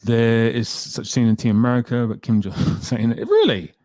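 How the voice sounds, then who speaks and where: A man's voice: medium pitch, little pitch movement, normal speed, dark tone, dry recording. A man hosting a casual livestream, chatting and reading viewer comments aloud in a rambling way. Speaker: livestream host.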